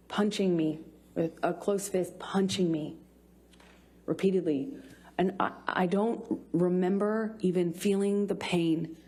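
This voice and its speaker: A woman testifies from a courtroom witness stand in a low, mellow voice. She speaks very slowly and haltingly, breaking off and restarting her sentences. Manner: halting, with many restarts and pauses. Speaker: trial witness.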